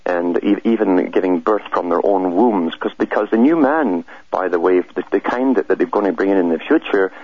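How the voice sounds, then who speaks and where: A man with a very deep, husky voice speaks earnestly as a radio guest, often stumbling and restarting. The sound is dry and muffled, like a radio broadcast. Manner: earnest, halting, many restarts. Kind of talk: talk radio conversation.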